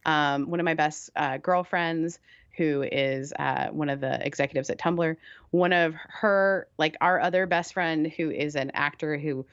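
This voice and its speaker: A woman with a low voice and an accent that blends British, Canadian and Southern US speech, talking candidly about her life as a pastor. She is animated and laughs easily. The recording is dry and slightly dull. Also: a little slow, clear, resonant tone, no echo. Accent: mix of British, Canadian and Southern US. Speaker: United Methodist pastor, guest. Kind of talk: casual conversational interview.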